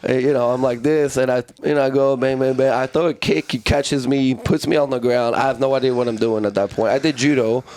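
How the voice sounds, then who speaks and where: Speaking a little fast with hardly any pauses, this medium-pitched French guest in his thirties swaps fight stories on a podcast. He's a fighter, and his casual, animated telling is full of profanity.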